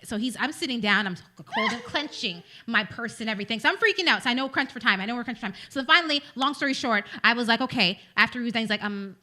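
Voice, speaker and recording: A woman co-hosting a radio talk show, retelling a personal story in an animated, dramatic way. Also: a little high, fast, hardly any pauses. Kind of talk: casual storytelling chat.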